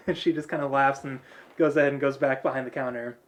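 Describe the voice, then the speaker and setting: A man's voice: mid-range voice, fairly even intonation, brisk. A man narrating a tabletop game as game master, casual and full of fillers.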